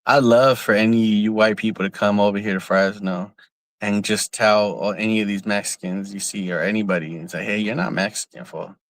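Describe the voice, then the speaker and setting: A man's voice: on the low side, fairly even intonation, fairly quick, dry recording. A young man from San Jose, California, ranting bluntly and profanely on a casual livestream, often repeating himself, speaking outdoors. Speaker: livestream host.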